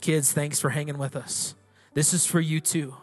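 Brief: male pastor, fairly high-pitched voice, passionate sermon delivery, long church reverb. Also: flat delivery, moderate pace, music in the background. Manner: passionate preaching building to loud declarations. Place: church sanctuary.

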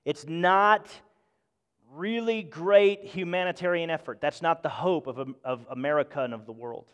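A man preaching a sermon with passion, swinging between loud emphatic bursts and hushed, intimate moments. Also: on the high side, moderate pace, smooth, dull audio. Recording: long hall reverb.

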